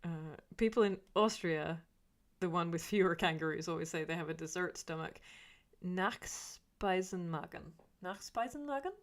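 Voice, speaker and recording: Chatty woman with a lowish voice. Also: fairly even intonation, fairly quick. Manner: rambling, chatty, many fillers and restarts; reads viewer comments aloud and answers them. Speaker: YouTuber reading live chat. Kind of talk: casual livestream chat.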